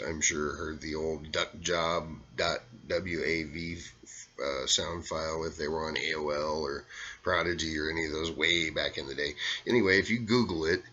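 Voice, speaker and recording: Very deep-voiced Southern man, rambling. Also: pushed and bright, muffled recording. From Arkansas, US South. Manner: rambling, self-deprecating, lots of fillers. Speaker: vlogger doing impressions. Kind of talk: casual monologue to camera.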